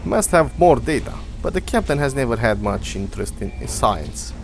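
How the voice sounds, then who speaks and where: A man's voice: medium pitch, sing-song, moderate pace, gravelly. A man voicing a curious male alien science officer with a put-on Russian accent, reading a formal log. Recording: faint game music behind.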